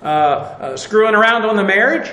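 Older male pastor, bright and echoey. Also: high-pitched, animated, normal speed. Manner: conversational preaching with many fillers and restarts. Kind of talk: sermon.

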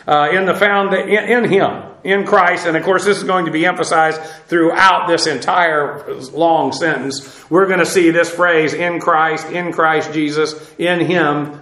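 A man's voice: fairly high pitch, fairly bright tone. Man teaching scripture in an echoey room. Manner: measured, explanatory, frequent "uh" fillers. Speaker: Bible teacher. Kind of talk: sermon.

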